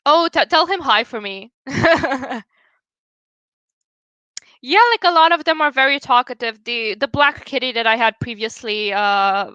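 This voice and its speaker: A woman's voice: high-pitched, a little slow, pauses often, sharp tone, clean tone, no echo, lo-fi sound. A young woman chatting casually with viewers on a livestream, giggling often as she reads and answers comments. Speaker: livestream host.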